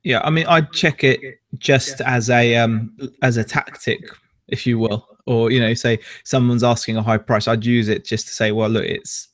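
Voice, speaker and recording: A man's voice: medium pitch, steady tone, moderate pace, no echo, studio quality. A man chatting casually as co-host of a livestream, laid-back and hesitant.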